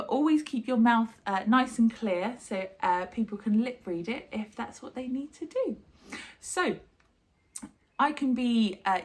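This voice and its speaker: A woman, a drama teacher, giving a chatty and encouraging online sign language lesson. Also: medium pitch.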